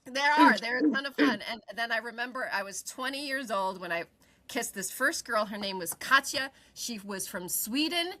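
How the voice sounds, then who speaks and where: Woman in her forties, podcast co-host, bright tone, slightly high voice, animated storytelling, swears and laughs. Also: normal speed. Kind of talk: casual chat, personal storytelling.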